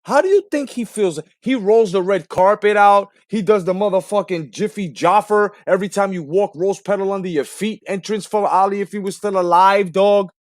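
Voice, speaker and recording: A man hosting a late-night boxing talk show, talking in a fairly high voice. He rants profanely and hammers home rhetorical questions. The sound is dry and close. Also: normal speed, few pauses, no echo. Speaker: host.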